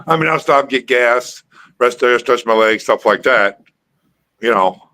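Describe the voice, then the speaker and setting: A man hosting a casual live stream chat, talking in a relaxed way and often repeating words as he starts his sentences. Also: medium pitch, unhurried, rough recording.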